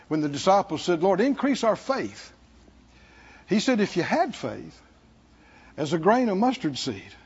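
A man preaching a sermon to a congregation, speaking slowly and pausing for asides to his listeners. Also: fairly high pitch, slightly rough. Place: church hall. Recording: dull sound in a hall with long reverb.

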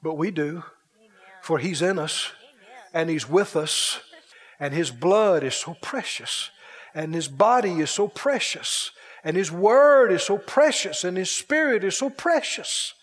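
A male pastor delivers a sermon, retelling a story with dramatic flair and building repeated lines into a rolling cadence. He keeps asking the listeners questions. His voice sits high for a man and rings out with a long hall echo. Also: animated, measured pace. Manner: repetitive preaching cadence. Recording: long reverb in a large hall.

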